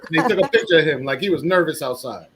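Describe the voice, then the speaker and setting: A man co-hosting a podcast, telling a story in an animated, halting way. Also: fairly high pitch, background noise. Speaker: podcast co-host. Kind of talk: casual comedic chat.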